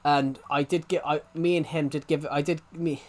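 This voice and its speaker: A man's voice: on the high side, steady tone, normal speed. A young man in his twenties chatting casually on a live game stream, rambling and restarting his sentences as he talks. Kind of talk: casual live-stream chat while playing.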